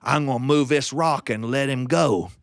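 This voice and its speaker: A man voicing a gruff one-eyed giant. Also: medium pitch, normal speed, dry recording, clean studio sound, voice pushed down, natural voice. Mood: threatening. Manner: drawling threats.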